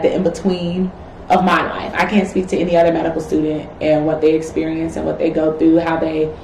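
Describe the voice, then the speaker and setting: A woman's voice: lowish voice, mellow, a little hiss or hum. Reflective young woman vlogging, roomy echo. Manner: reflective, self-encouraging, frequent "like" fillers. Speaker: medical student vlogger. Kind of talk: candid personal vlog. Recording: echoey room with faint ambience.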